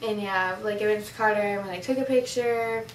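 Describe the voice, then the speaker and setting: A teenage girl vlogging in casual chat, gushing and excitable, rambling with "like" fillers. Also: mid-range voice, brisk, reverberant, far from the mic, slight background noise, poor audio. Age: teens.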